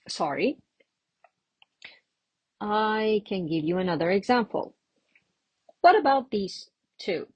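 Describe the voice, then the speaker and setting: A woman teaching an English pronunciation lesson, slow and patient, explaining with examples and pauses. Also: mid-range voice, animated, a bit bright, slightly rough, no room sound.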